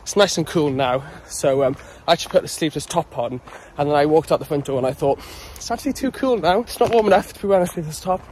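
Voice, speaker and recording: Man vlogging outdoors, rambly, winded, slightly higher voice, phone camera. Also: quick pace, hardly any pauses, darkish tone, a little hiss or hum. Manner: rambling, chatty, talking while jogging. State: out of breath. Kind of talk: casual vlog chat. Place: outdoors on a dog walk.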